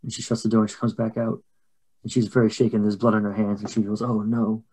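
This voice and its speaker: A man narrating a tabletop horror game as game master, in a measured, descriptive way. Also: fairly low pitch, level tone, dark tone, slightly rough.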